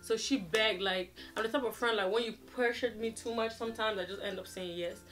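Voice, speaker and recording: A woman in her twenties chatting casually to camera as a vlogger, telling a story in an animated way and acting out what people said. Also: a little high, fairly quick. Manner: animated, chatty, acts out quoted dialogue.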